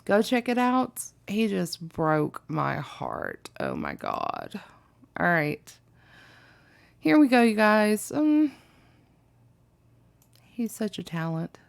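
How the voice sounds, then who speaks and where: A woman's voice: medium pitch, wildly swooping pitch, slow pace, vocal fry, pauses often. A young woman from Alabama, chatting casually and rambling with lots of ums and likes as she hosts a reaction video. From Alabama, USA. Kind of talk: casual reaction vlog chat.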